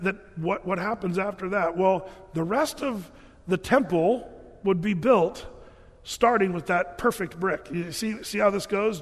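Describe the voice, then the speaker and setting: Man, pastor, sermon, high voice, folksy and conversational, long reverb of a church hall. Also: fairly bright tone. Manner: conversational, folksy, with many fillers and restarts.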